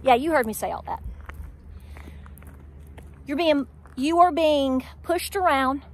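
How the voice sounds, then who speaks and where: A woman's voice: high-pitched, animated, slow pace, slight background noise. A middle-aged woman with an Appalachian accent, talking straight to her viewers in an emphatic, preachy way full of rhetorical questions. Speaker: homestead vlogger. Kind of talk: candid talk to camera.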